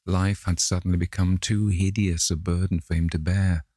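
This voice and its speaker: Male narrator, classic novel reading: very low, gravelly, dry close sound. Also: level tone, mellow, no echo. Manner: measured, unhurried narration. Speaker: audiobook reader.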